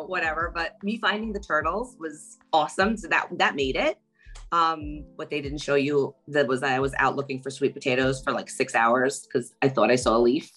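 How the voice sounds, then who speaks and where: A middle-aged woman talking as an interview guest, chatty and animated, packing her stories with "like". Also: sits low, low-quality recording. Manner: chatty, animated storytelling, lots of "like". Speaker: interview guest, former reality show contestant. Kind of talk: casual interview chat.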